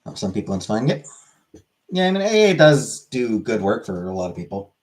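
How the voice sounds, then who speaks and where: A man hosting a livestream, chatting casually and reading out chat messages in a laid-back, halting way that repeats itself. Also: fairly low pitch, sing-song. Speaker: livestream host. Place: small room lit by many studio lights.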